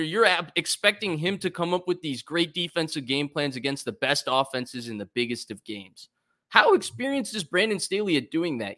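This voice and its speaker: Co-hosting a sports talk show as a football analyst, this man lays out his case point by point in an analytical way. His voice sits a little high, with a bright, forceful tone.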